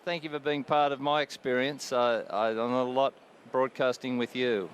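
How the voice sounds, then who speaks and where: A man's voice: medium pitch, fairly even intonation, normal speed, highs cut off, a little hiss or hum. A radio cricket commentator in his sixties, chatting casually on air and laughing often at his own stories. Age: 60s. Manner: chuckling, warm-hearted, laughs often.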